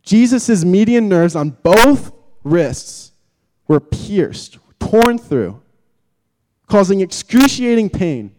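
A man preaching with a somewhat high voice, dramatic and vivid, pressing hard on key words and then falling to near a whisper. His voice rings out with a long reverb, as in a large church hall. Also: very animated, takes it slowly, slight background noise. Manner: vivid, dramatic, swings from loud emphasis to hushed tones. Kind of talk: sermon.

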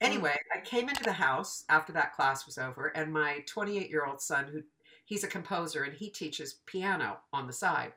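A woman's voice: sits low, moderate pace. A woman in her fifties, a voiceover teacher, chatting in an interview and acting out the dialogue in her stories. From United States. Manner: animated, acts out quoted dialogue. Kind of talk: casual storytelling interview.

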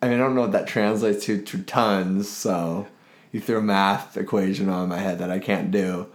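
A man's voice: low voice, steady tone, moderate pace, roomy sound. A man co-hosting a podcast in casual chat, telling stories in a loose, rambling way with lots of fillers and swearing. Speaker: podcast co-host.

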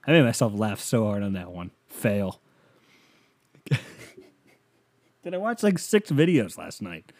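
Comedic podcast host, lively up-and-down delivery, rambling and profane. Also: male voice, fairly low pitch, a little slow, pauses often. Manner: swears often, laughs at own jokes, rambling. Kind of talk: casual comedic monologue.

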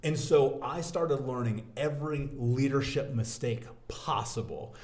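A man in his thirties telling a story from his working life as a guest in a casual interview, animated and talking like a buddy. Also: medium pitch, unhurried. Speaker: podcast guest, business owner.

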